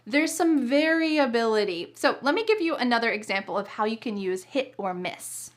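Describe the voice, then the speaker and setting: An American woman teaching an online English lesson, speaking clearly and cheerfully, laughing often and acting out tones of voice in her examples. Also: a little high, animated, normal speed.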